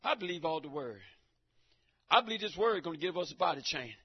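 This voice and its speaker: A man preaching a fiery sermon who swings from shouting to a low mutter and laughs between lines. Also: lively intonation, fast talker, slightly rough, dull audio.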